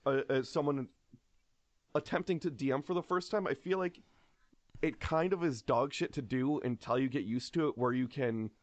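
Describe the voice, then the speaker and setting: A man's voice: medium pitch, normal speed, dry recording. A man co-hosting a podcast in casual chat. He rambles and restarts his sentences a lot and swears freely. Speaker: podcast co-host.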